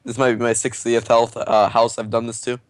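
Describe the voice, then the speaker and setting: A man's voice: medium pitch, level tone, brisk, no room sound, clean studio sound. A man playing a tabletop game, asking questions hesitantly and restarting often. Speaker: player. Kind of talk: casual chat in a tabletop game.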